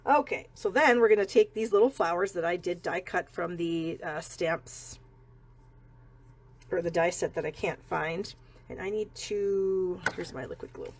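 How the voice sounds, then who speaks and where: A woman's voice: on the low side, unhurried, a little hiss or hum. A middle-aged woman chatting and rambling casually as she hosts a card-making live stream from her home craft room.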